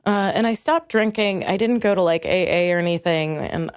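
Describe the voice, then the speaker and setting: A woman comedian hosting her own podcast, delivering a crude, acerbic monologue that keeps leaping up in pitch. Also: normal speed, clear, resonant tone, no room sound, studio quality. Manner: crude, acerbic ranting with sudden high jumps in pitch.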